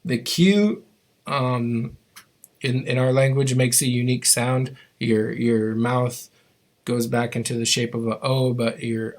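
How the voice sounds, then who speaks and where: Man patiently teaching pronunciation. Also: medium pitch. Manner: patient, explains sounds step by step with many ums. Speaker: language teacher. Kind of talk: online language class.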